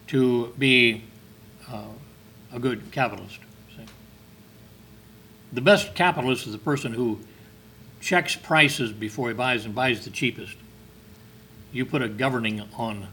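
This sermon comes from a man whose mid-range voice sounds pushed and bright over a slight hiss or hum. In a conversational style he poses rhetorical questions, adds emphatic lifts, and reads King James scripture aloud.

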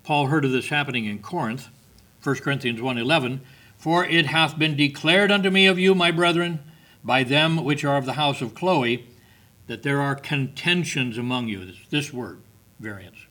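A man's voice: mid-range voice, normal speed, sharp tone. A middle-aged man preaching a sermon, emphatic, repeating words and reading scripture aloud.

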